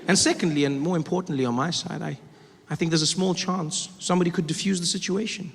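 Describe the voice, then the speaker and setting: A man's voice: fairly high pitch, steady tone, quick pace, vocal fry, in a large hall. A male stand-up comedian performing a set, talking conversationally with self-mocking asides.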